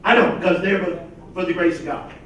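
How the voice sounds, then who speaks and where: High-voiced, punchy stand-up comic man. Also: a little fast. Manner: punchy, emphatic delivery. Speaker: stand-up comedian. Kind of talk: stand-up comedy set. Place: comedy stage at a charity show, live audience. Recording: echoey room, distant from the mic.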